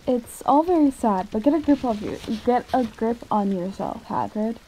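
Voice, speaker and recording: A woman in whispered role-play reading the lines of a stern older witch professor, brisk and firm. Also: a little high, expressive, mellow, a little hiss or hum, lightly acted, poor audio.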